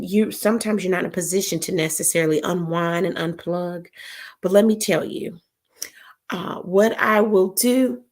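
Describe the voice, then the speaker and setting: Gravelly-voiced woman. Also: fairly low pitch. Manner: encouraging, preachy, talks straight to the audience. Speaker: live-stream host and comedian. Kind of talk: casual chat to viewers.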